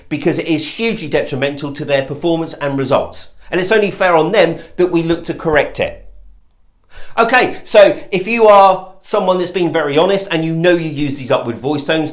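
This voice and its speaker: A man teaching sales persuasion in an instructional video, direct and emphatic, acting out tones of voice as examples. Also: fairly high pitch. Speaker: sales trainer.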